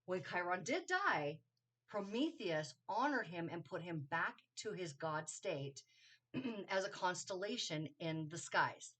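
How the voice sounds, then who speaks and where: An astrology teacher, recording a solo video to camera, gives a casual spiritual astrology talk. Her voice is lowish and a bit bright, and she rambles and corrects herself with plenty of ums and okays.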